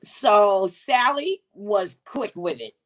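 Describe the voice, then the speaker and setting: A woman's voice: mid-range voice, lively intonation, takes it slowly. A woman co-host telling a brash, comic story and mimicking her relatives' voices. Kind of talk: casual storytelling.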